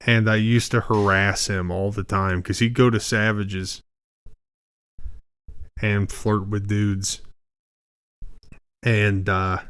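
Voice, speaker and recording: Unhurried, smooth-voiced man telling stories. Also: on the low side, fairly bright tone, no room sound, studio quality. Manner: profane, rambling, joking. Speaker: podcast host. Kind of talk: casual comedic storytelling.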